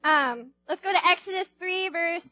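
A woman's voice: very high voice, normal speed, sharp tone, dry recording, highs cut off, faint music behind. A young woman giving an informal, chatty sermon to a group, asking the audience questions and acting out quotes. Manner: chatty, playful, acts out quotes, asks the audience. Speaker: youth speaker.

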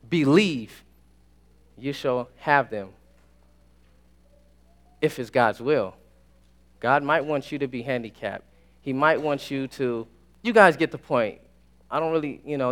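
A young man preaching a sermon, excitable, swinging from hushed asides to shouted exclamations. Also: mid-range voice.

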